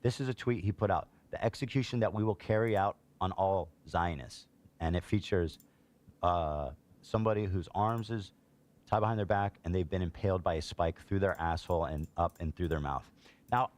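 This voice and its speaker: Deep-voiced man ranting about online posts. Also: animated, normal speed. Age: adult, a parent. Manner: exasperated, indignant, reads posts aloud. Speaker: streamer reacting to online posts. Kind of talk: heated political commentary.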